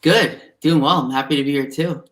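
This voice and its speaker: A man from New Jersey, a recruiter appearing as a guest, chatting in a relaxed, easygoing way over a video call. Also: fairly high pitch, brisk. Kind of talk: casual interview chat.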